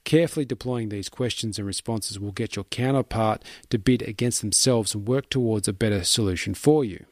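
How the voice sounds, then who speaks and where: Male narrator, low register, even scripted delivery, dry close recording. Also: dry recording. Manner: even, measured reading. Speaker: book summary narrator.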